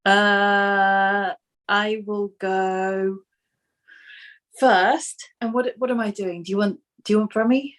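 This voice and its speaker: A woman's voice: mid-range voice, fairly even intonation, slow pace, fairly bright tone. A woman hosting an interview, chatting in a cheerful way and laughing easily. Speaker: interviewer host. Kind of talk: conversational interview.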